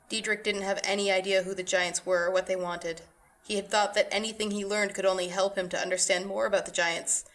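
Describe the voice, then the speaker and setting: A woman reads her own short story aloud in a measured, steady narration. Her voice sits at a middle pitch and keeps an even storytelling pace. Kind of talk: scripted narration.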